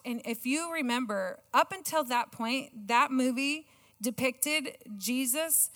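A middle-aged woman giving a sermon with a personal story, excitable and self-mocking, laughing often. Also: high-pitched. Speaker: church speaker. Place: church auditorium. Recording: long church hall reverb.

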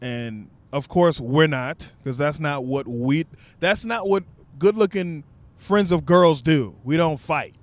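A young man telling a funny story straight to his viewers, loose and profane. His voice sits a touch high and stays casual. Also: slow. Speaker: vlogger.

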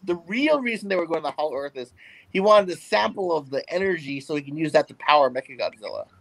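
Brief: male co-host, steady storyteller, dry close mic. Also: on the high side, quick pace, creaky, dry recording, poor audio. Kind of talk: casual movie discussion.

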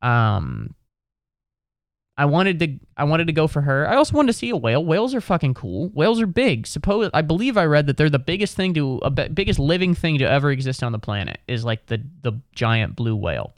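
A man's voice: a little high, big pitch swings, fairly quick, dry recording, clean studio sound. A man doing a rambling, exasperated stand-up routine, swearing freely. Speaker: comedian. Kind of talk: stand-up comedy monologue.

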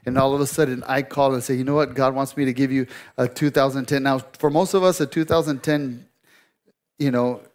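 Joking preacher man telling a story. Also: medium pitch. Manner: joking, conversational preaching with asides to the congregation. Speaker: pastor. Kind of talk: sermon with storytelling.

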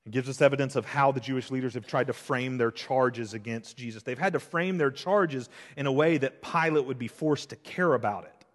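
Guy preaching a sermon, goes loud then drops to almost a whisper, long church reverb. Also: medium pitch, a little fast, hardly any pauses. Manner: swings between loud emphasis and hushed intensity. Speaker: pastor. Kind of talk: expository sermon.

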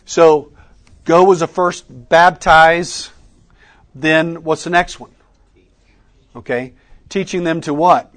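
A man teaching a conference workshop, asking the audience questions and pausing for their answers. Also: a little high, fairly even intonation, a bit bright. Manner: interactive, quizzing the audience with questions; Southern "y'all" in speech. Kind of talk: teaching session. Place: conference room with a live audience.

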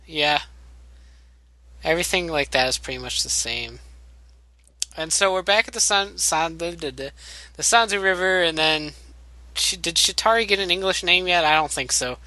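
A man's voice: a little high, sharp tone, no echo, poor audio. Profane sarcastic man recapping a show. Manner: profane, sarcastic, mocks characters in quick asides. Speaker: podcast co-host recapping an episode. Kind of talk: casual recap chat.

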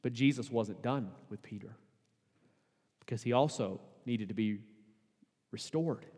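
A man preaching a sermon as pastor, conversational and casual, building to emphatic, louder peaks. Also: medium pitch, measured pace, slightly rough. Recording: long hall reverb.

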